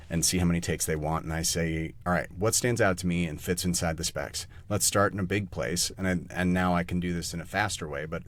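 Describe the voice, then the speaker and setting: A man talking as a guest on a podcast, animated and casual, swearing freely and restarting sentences as he thinks. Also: low voice. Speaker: guest voice actor.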